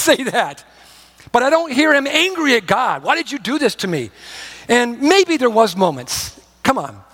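A man preaches with a notably high voice, pressing his points with emphasis. His delivery swings from loud declarations down to hushed, slow lines. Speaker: pastor. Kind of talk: sermon.

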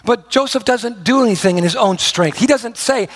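A man preaching a sermon, emphatic, swinging between loud and hushed delivery. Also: extremely high pitch, moderate pace. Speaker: pastor.

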